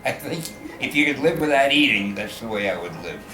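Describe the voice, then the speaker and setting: A man's voice: medium pitch, lively intonation, brisk, music in the background. An older man telling self-mocking stories as guest of honor in a fan Q&A. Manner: wry, self-mocking jokes. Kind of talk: humorous Q&A storytelling. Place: convention event room. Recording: echoey room, loud crowd.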